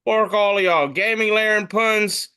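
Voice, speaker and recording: A man's voice: high-pitched, measured pace, bright, forceful tone, clear, resonant tone. A man co-hosting a casual comedy podcast, reading memes aloud and joking, swearing freely.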